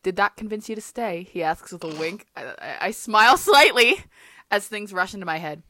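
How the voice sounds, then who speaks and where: A woman's voice: mid-range voice, lively intonation, fairly quick, pushed and bright, dry recording. A young woman co-hosting a podcast, reading her own teenage fan fiction aloud and breaking off for wry, self-mocking asides. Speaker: podcast co-host.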